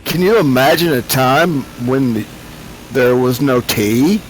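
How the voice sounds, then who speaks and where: A man of medium pitch jokes and rambles through casual chat, trailing off into asides. A faint hiss sits under his voice. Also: measured pace, poor audio. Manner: joking, rambling. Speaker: stream guest.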